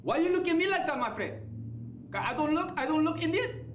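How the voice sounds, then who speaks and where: A male comic playing a loud, crude liquor store owner in a stand-up bit, with exaggerated shopkeeper patter. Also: very high-pitched, expressive, extremely slow, heavily acted. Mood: brash. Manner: exaggerated put-on foreign-sounding shopkeeper patter, crude punchlines. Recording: echoey club from far off with noise.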